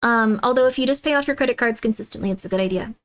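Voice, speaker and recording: Chatty streamer woman with a higher voice. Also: rapid-fire. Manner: chatty and animated, laughs often, loud shrill bits when mocking someone. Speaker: streamer reacting to videos and chat. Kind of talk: casual live-stream chat.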